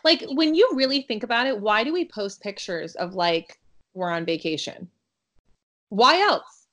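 A woman in her thirties talking casually as a co-host, animated and quick to get heated, filling her talk with "like". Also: mid-range voice. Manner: animated, lots of "like", gets heated. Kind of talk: casual chat.

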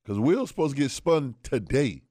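A man co-hosts a sports radio show, dropping in short, dry comebacks. His pitch moves a lot, rising and falling across even brief replies. The studio sound is close and dry. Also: fairly quick, slightly rough, no echo. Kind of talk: casual sports radio banter.

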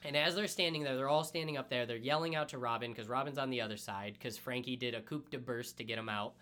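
Excited man recapping a story. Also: mid-range voice, quick pace. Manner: excited, animated storytelling with casual swearing. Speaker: podcast co-host. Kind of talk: casual anime recap chat.

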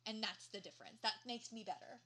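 A woman's voice: on the high side, quick pace. A young woman co-hosting a podcast, chatting casually with lots of swearing and quoted voices. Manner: profane, animated storytelling with quoted voices. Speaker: podcast co-host. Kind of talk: casual chat.

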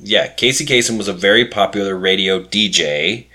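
A man's voice: deep voice, moderate pace, bright, forceful tone. A man in his forties hosting a casual quiz chat, laid-back and laughing often. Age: 40s. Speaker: quiz host.

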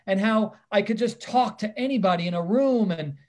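Guy in his 50s telling stories, high voice, really animated, acts out who said what. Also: normal speed. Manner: animated, emphatic storyteller who acts out the dialogue. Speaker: guest, criminal defense attorney. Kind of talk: personal storytelling in conversation.

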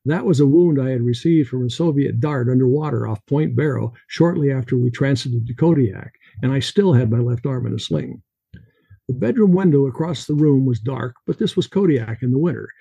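Gravelly-voiced male author. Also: medium pitch, a little fast, mellow, dry recording. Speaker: author, interview guest. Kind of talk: reading his novel aloud, then chatting.

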